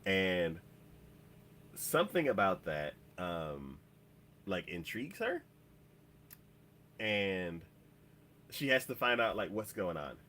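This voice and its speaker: A man co-hosting a casual podcast, recapping a story in a rambling way full of "like" and "um". His voice is bright and forward, sitting a little low. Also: big pitch swings, slow, pauses often, a little hiss or hum. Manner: rambling, heavy on "like" and "um". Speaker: podcast co-host. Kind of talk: casual chat, recapping an episode.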